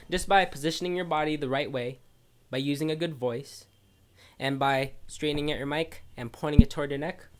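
A man hosting a casual how-to tutorial, talking directly to viewers into a condenser microphone. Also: mid-range voice. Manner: chatty, direct, addresses viewers. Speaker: video tutorial host. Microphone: condenser microphone, position varied.

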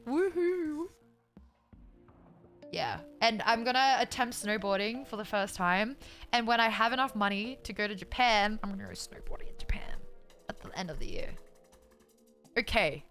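A woman's voice: on the high side, normal speed, soft background music. A young woman from Australia streaming live, chatting casually with her viewers. She swears freely, sounds exasperated and laughs a lot. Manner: loud, profane, exasperated, laughing often. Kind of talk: casual live-stream chat, reading chat aloud.

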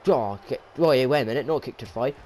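A man giving excitable play-by-play commentary over his own wrestling video game, dropping to low mutters and then yelling at big moves. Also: fast. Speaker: YouTube gamer narrating his wrestling video game league.

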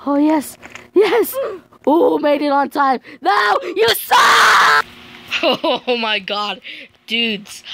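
A woman giving casual gameplay commentary, excitable, humming little tunes and yelping and shouting at other players. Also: medium pitch, noisy background. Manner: hums and sings little tunes while playing. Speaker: gamer.

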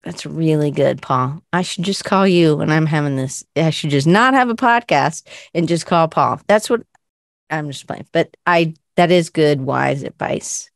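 A woman's voice: low voice, expressive, unhurried, dry recording, studio quality. A middle-aged woman hosting a podcast in a casual, rambling, self-reflective chat full of fillers. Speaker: podcast host.

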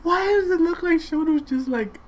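A man hosting a reaction video, talking in casual, slangy, excitable commentary and often breaking into laughter. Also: extremely high pitch, normal speed.

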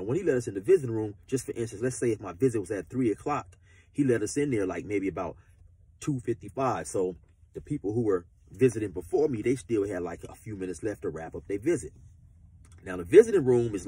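Man, husky voice, lively pitch, laid-back slangy storytelling, dry close sound. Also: no room sound. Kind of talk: casual storytelling.

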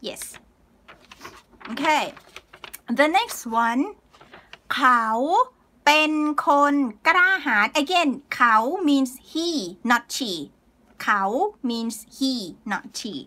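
A woman's voice: sits high, pushed and bright. A woman teaching a live online language lesson, explaining step by step and answering viewers' comments as they come in.

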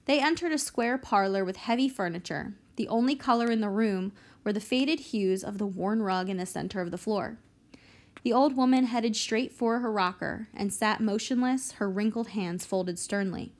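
A woman narrating a short story audiobook in a steady, even manner. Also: medium pitch, normal speed.

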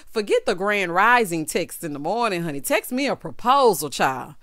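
Sassy, animated woman recapping reality TV. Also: mid-range voice, normal speed, hardly any pauses, dry recording, clean studio sound. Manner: sassy, animated, mimics the cast in quoted voices. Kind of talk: casual recap commentary.

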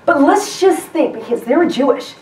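A woman's voice: high voice, lively intonation, normal speed, darkish tone. A woman guest pastor preaching a sermon in a conversational way, often restarting her sentences and asking the congregation questions. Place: church sanctuary. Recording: echoey church hall from far off.

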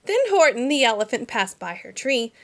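Expressive woman reading a picture book. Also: a little high, normal speed. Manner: expressive, storytelling. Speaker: teacher.

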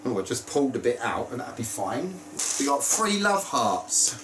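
A man vlogging in a casual, chatty way, excitable and prone to squeals of delight. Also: mid-range voice, normal speed, reverberant, heavy background noise. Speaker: YouTube vlogger. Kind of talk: casual chat.

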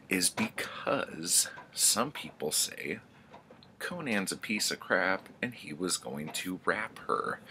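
A man's voice: a bass voice, vocal fry, bright, forceful tone, a little hiss or hum. A man who runs a book channel, retelling a story in a casual, rambling way, full of fillers and swearing. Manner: rambling, filler-heavy, profane. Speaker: book vlogger.

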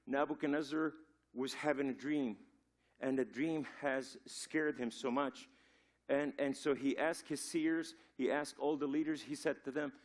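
A man from Lebanon preaches as a guest in a church, telling the story loosely. He restarts his sentences often and leans on "you know" while explaining. His voice sits at an ordinary middle pitch for a man. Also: steady tone, a little slow. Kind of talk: sermon. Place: church sanctuary.

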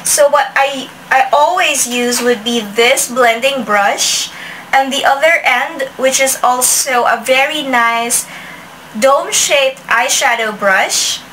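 A beauty vlogger with a high, bright voice chats her way slowly through a product review, often restarting sentences and saying "like" a lot. She sounds a bit far from the mic, with faint hiss in the background.

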